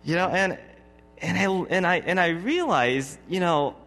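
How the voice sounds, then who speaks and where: With a high, slightly bright voice, a thirtysomething man unhurriedly preaches a sermon, telling a personal story conversationally and often chuckling. The audio has long hall reverb.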